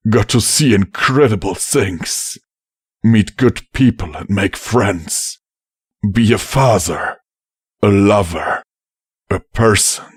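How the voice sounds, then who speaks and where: A man as a gentle dying stallion father. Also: fairly low pitch, slow pace, slightly rough, no room sound, clean studio sound. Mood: resigned. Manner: soft, tender and quiet. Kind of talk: audiobook character voice.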